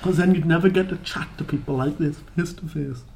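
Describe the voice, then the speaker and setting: A man's voice: a little high, steady tone, fairly quick, creaky, darkish tone, slight background noise. A man co-hosting a podcast in casual chat, joking around and laughing often. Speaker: podcast co-host.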